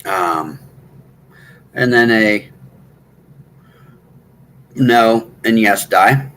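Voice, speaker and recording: A middle-aged man chatting casually with viewers from a hotel room, rambling and halting, often clearing his throat. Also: lowish voice, fairly bright tone, poor audio. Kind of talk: casual chat.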